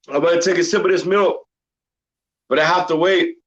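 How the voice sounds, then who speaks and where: A man's voice: on the high side, steady tone, brisk. A man calling in by video, his mouth burning and eyes teary, groaning and talking through the pain. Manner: groaning, pained, after a hot chip challenge. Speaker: caller on video chat. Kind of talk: live call-in chat. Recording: dull lo-fi video call audio.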